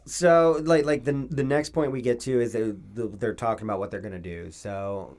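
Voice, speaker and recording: A man from the United States co-hosting a casual podcast, recapping a manga with lots of laughing and loud acted-out quotes. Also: normal speed. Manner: animated, laughs often, acts out quotes in loud high voices. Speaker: podcast co-host.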